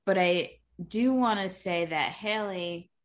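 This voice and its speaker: A woman co-hosting a casual film discussion, thoughtful and quick to laugh. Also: on the low side. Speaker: podcast co-host.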